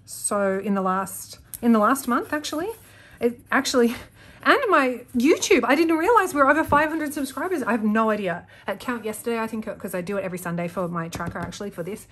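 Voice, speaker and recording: A woman's voice: on the high side, lively intonation, fairly quick, fairly bright tone. A woman chatting while she sets up her planner at a desk, rambling, sidetracking often and getting worked up when she rants. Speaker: planner vlogger. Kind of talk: chatty talk while crafting. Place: at a desk at home. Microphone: desk-mounted camera.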